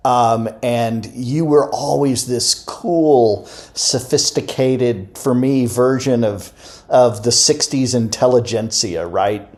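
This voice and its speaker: Halting, enthusiastic male podcast host. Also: medium pitch, a little mellow. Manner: halting, enthusiastic, with many fillers. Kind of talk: conversational interview.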